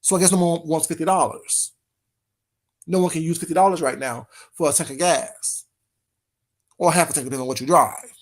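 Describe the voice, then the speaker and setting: High-voiced man ranting at chat. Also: steady tone, brisk, pauses often. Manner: heated, talks straight to chat, repeats phrases. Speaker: livestream host. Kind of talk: casual livestream rant.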